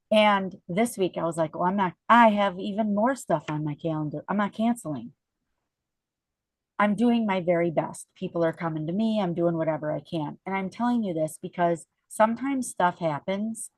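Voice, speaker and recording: A middle-aged woman leading a sales team meeting over a video call, telling a motivational story in a chatty, animated way and keeps checking in with "okay?" and "you guys". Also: lowish voice, no echo.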